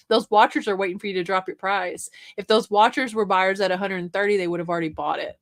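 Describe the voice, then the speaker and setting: A woman's voice: mid-range voice, steady tone, quick pace, hardly any pauses. A young adult woman hosting a casual livestream, reading viewer comments aloud and chatting back about reselling. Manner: chatty, reads comments aloud and answers them.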